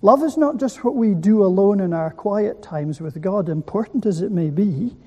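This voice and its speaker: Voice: mid-range voice, expressive, moderate pace, warm tone. A preacher giving a sermon who asks the listeners rhetorical questions and repeats key words for weight. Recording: echoey hall.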